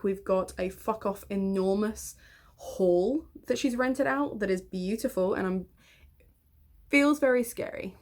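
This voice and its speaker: A woman in her twenties chatting in a get-ready-with-me vlog, self-mocking and quick to laugh, talking to the camera at home. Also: mid-range voice, creaky, darkish tone. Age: 20s. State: hair still wet. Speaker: vlogger and author.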